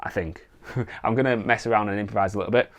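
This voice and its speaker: Low-voiced man teaching songwriting with guitar. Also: quick pace. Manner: relaxed, thinks aloud with fillers, sings wordless vocal lines. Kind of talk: casual instructional talk with guitar demos. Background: acoustic guitar playing.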